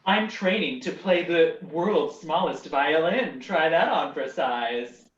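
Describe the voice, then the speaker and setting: A man's voice: fairly high pitch, lively intonation, slow, dull audio. A man playing an improv comedy game on a video call, giving easygoing one-liners. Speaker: improv performer. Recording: echoey distant video call audio.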